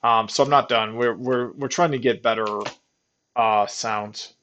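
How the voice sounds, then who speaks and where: A man giving casual, rambling commentary while testing an app he built, excited and full of restarts. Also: mid-range voice, a little slow, slight background noise. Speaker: programmer testing his own app. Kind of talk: casual screen-recording commentary.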